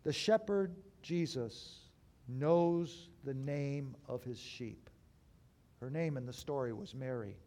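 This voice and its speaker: A man preaching an Easter sermon as a pastor, moving between raised, emphatic phrases and hushed, slow ones with deliberate pauses. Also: medium pitch. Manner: dramatic swings between loud and hushed.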